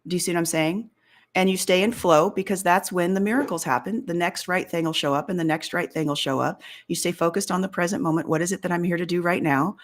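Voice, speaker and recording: Animated woman coaching a caller. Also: lowish voice, fast. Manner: animated, acts out inner voices. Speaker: fear coach and host. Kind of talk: live coaching session.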